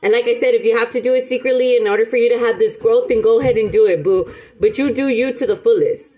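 A woman's voice: a little high, fast talker, dark tone, poor audio. A woman giving a casual tarot reading to camera, rambling and emphatic, with many restarts and pet names for her listeners. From United States. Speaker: tarot reader.

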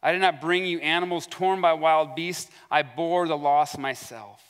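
A man's voice: a little high, steady tone, moderate pace, few pauses, fairly bright tone, smooth. A male pastor giving a conversational sermon in a church sanctuary, acting out the voices he quotes, heard with long hall reverb.

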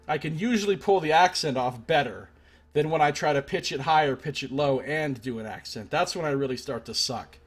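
Husky-voiced man doing game commentary. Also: fairly high pitch. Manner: chatty and self-deprecating, greets chat viewers. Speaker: Let's Play streamer. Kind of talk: casual game commentary, reading game text aloud.

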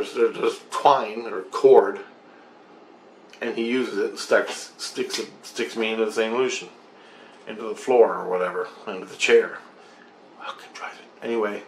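A man's voice: medium pitch, a bit bright, a little hiss or hum. Agitated, profane man ranting in echoey room. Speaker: vlogger. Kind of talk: rambling monologue. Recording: roomy echoey recording.

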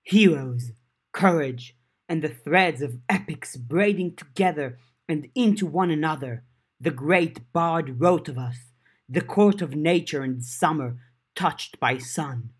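A man voicing a proud fairy man of the summer court in a fan audiobook, speaking in a slow, grand, theatrical way. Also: fairly high pitch, slightly rough. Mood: grandiose. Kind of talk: audiobook character voice.

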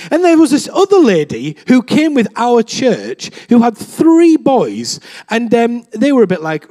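A man's voice: very high-pitched, huge pitch swings, measured pace, dark tone. A young man preaching a casual sermon, chatty and self-deprecating, acting out voices as he tells stories. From England. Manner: chatty, self-deprecating, acts out quoted voices with big swings.

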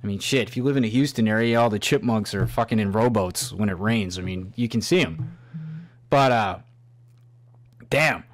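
A man's voice: lowish voice, normal speed. Middle-aged male podcast host, profane and rambling, casual storyteller. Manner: profane, storytelling, swears constantly.

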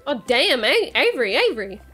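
A young woman giving excitable let's-play commentary, squealing, panicking and repeating herself as she plays. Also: high-pitched, a little fast, faint music behind. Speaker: gaming YouTuber.

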